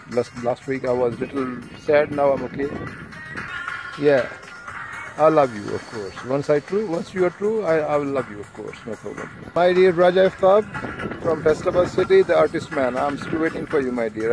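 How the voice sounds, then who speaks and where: Chatty man with a fairly high voice, walking and talking to his phone, loud music behind him. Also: low-quality recording. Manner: chatty, repeats "no problem" and "eh?". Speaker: vlogger addressing group members. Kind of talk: casual walking vlog. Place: outdoors on a windy street. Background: music playing.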